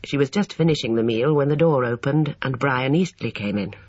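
A narrator reading a mystery novel as an audiobook in measured storytelling, with varied character voices and a husky tone. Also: mid-range voice, no room sound, lo-fi sound.

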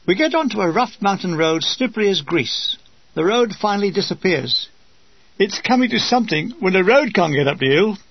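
A man reading a wartime memoir aloud with dry comic timing, lively voices for the quoted soldiers. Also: high voice, moderate pace, slightly rough, dry recording, muffled recording. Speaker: narrator.

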